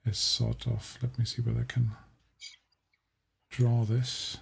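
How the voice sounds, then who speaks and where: Male game master; gravel in the voice, husky edge; measured, explanatory narration. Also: medium pitch, monotone. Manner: measured, explaining, often restarting his sentences.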